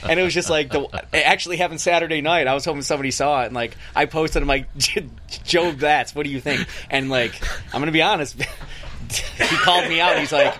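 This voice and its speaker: A man's voice: fairly high pitch, fast talker, pushed and bright, slight background noise. A man telling long rambling stories in casual chat on a podcast. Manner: rambling storyteller, laughs at own stories.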